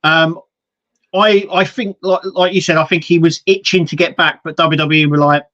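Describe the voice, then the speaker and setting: Man, podcast co-host, casual rambling chat, higher pitch, muffled lo-fi audio. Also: steady tone, normal speed, a bit bright. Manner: rambling, many restarts and acted-out quotes.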